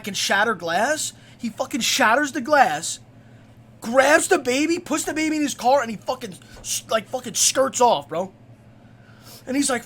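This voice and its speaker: A young man live-streaming, telling a story in a rambling, profane, excitable way at his desk mic. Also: very high-pitched.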